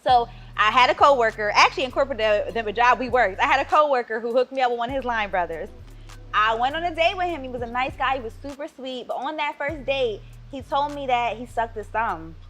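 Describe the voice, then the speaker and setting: Young female podcast co-host, quick bright delivery, animated storyteller. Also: a little high, soft background music. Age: young adult. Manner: animated storyteller, lots of "like" and "you know". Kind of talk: casual chat.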